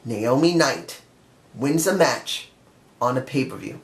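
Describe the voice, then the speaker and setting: A man's voice: medium pitch, lively intonation, slow pace. A man giving a blunt, rambling wrestling review in a casual vlog, swearing now and then. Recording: roomy echo.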